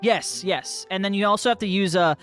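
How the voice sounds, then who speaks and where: An excitable game master who swears freely and teases the players in casual pre-game banter. The voice sits at a middle pitch. Faint music plays underneath. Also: a little fast.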